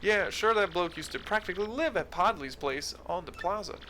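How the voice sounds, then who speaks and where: A man voicing a chatty male townsman who spreads rumors in rough, slangy speech. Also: high voice, lively intonation, brisk, sharp tone, a little hiss or hum, voice pushed up.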